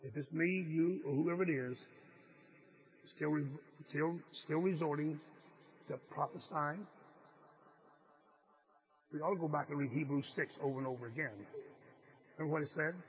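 A male preacher with a fairly high voice preaches a sermon. He tells his story earnestly and leans hard on key phrases. Now and then he stumbles and restarts his words. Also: moderate pace, long pauses, rough recording. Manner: some stammered restarts.

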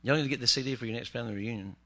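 A man's voice: mid-range voice, very fast, gravelly, fairly bright tone. A man preaching a humorous sermon in a church, with joking asides to the congregation. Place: church sanctuary.

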